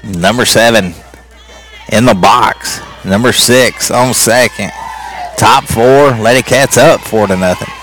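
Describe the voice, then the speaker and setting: Homem narrando jogo de softbol ao ar livre, com música ao fundo. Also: male voice, soft background music, a faint crowd. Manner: rapid excited calls, pitch jumps high on big plays. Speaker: play-by-play announcer. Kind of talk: live softball play-by-play.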